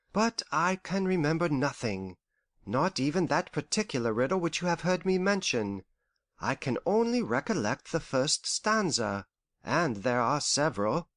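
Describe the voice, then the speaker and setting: An actor playing a gentle, anxious elderly father who frets and complains softly in an audiobook. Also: medium pitch, no room sound. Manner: worried, lingering, softly complaining. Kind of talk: audiobook character voice.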